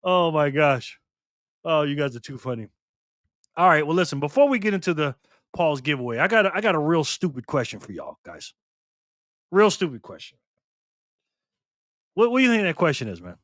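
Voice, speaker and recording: A man hosts a long, casual livestream late into the night. He sounds worn out but keeps laughing as he reads the chat aloud. His voice sits a little high and is captured dry and close to the mic. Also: sing-song, moderate pace, pauses often, fairly bright tone, no echo. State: tired. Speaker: livestream host.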